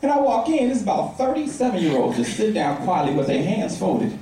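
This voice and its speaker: A man performing stand-up comedy, telling an animated story and jumping up into high exclamations. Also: fairly quick. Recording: echoey, distant room mic with faint noise.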